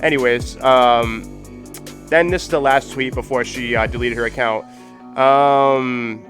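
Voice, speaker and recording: A man's voice: mid-range voice, fairly even intonation, a little slow, a bit bright. A man hosting a livestream who talks in a blunt and profane way. His commentary is casual and heated. Faint music plays behind him. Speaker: livestream host.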